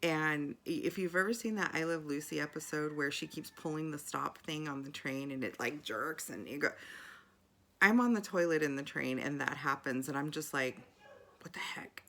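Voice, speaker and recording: Middle-aged woman vlogger, low gravelly voice, chatty, rambling storyteller. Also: moderate pace, fairly bright tone. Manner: chatty, rambling, many fillers and restarts. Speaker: video journal vlogger. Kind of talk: casual personal storytelling.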